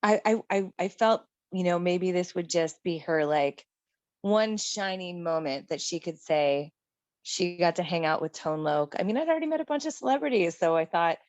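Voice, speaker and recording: A woman's voice: lowish voice, lively intonation, normal speed, darkish tone, no echo, lo-fi sound. A middle-aged woman, a former radio host, chatting as a guest in a wry, playful way and laughing easily. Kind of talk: casual chat.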